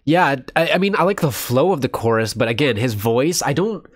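A man's voice: medium pitch, expressive, brisk. A young man giving a casual first-listen reaction to an album, blunt and candid, often saying "dude" and swearing freely. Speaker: music reaction streamer.

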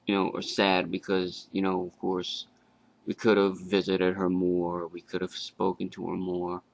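A young man giving a halting, casual tribute to his late grandmother, with fillers and restarts. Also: sits low, vocal fry. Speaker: grieving grandson.

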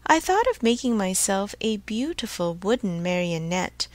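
A woman's voice: mid-range voice, sing-song, normal speed, dry recording, lightly acted. A woman voicing a fiery little old man, a woodcarver, who speaks eagerly and lightly.

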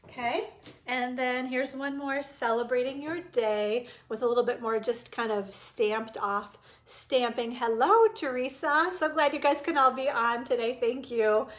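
A woman's voice: a little high, fairly even intonation, measured pace, a bit bright. A middle-aged woman hosting a live card-stamping demo, chatty and casual, greeting viewers by name with plenty of ums.

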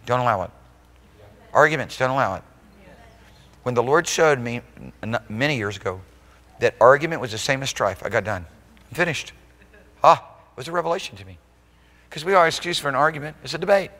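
A man preaching a sermon as pastor at a live church service. He swings between loud, emphatic exclamations and soft, intimate asides, often checking in with the congregation. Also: mid-range voice, lively intonation, a little fast, long pauses, long reverb tail. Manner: rhetorical check-ins with the congregation.

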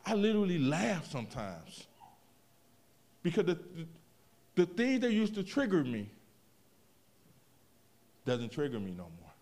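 A man preaching a sermon, moving from hushed reflection to loud, animated emphasis, with casual asides to the congregation. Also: high voice, measured pace, pauses often. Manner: expressive preaching, swings from quiet to loud, vernacular asides. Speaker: pastor.

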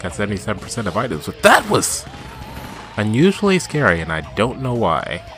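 A man doing let's play commentary, swinging between chatty self-talk and loud, swearing outbursts at the game. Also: fairly low pitch, a little fast, soft background music. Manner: excitable, yelling and swearing at the game.

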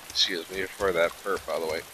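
A man's voice: low-pitched, pushed and bright, a little hiss or hum, low-quality recording. A tired man hosting a late-night game video, muttering and cursing under his breath. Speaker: let's play host. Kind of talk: casual gameplay commentary.

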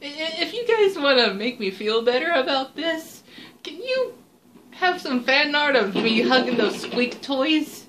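A woman's voice: sits high, big pitch swings, unhurried, a bit bright, a little hiss or hum, rough recording. A young woman commentating a horror game, panicky and laughing nervously, often repeating herself. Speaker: gaming YouTuber.

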